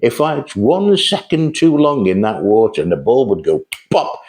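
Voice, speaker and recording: A man's voice: medium pitch, very animated, normal speed, a little mellow. An older man telling rambling, chatty anecdotes about his early sales days. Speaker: host telling sales stories. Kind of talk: casual storytelling monologue.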